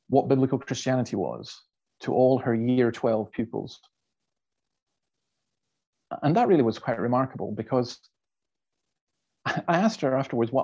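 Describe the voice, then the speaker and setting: A middle-aged Christian speaker and evangelist tells stories to a church audience in a medium-pitched voice, captured with lo-fi sound. He's a lively narrator who repeats words and keeps restarting sentences.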